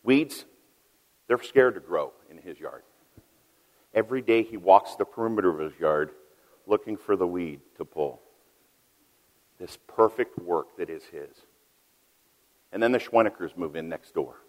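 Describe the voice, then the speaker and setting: A middle-aged man preaching a sermon as a pastor, telling a story that swings between loud emphasis and hushed asides. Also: low voice, lively intonation, a little slow, long pauses. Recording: long reverb of a large hall.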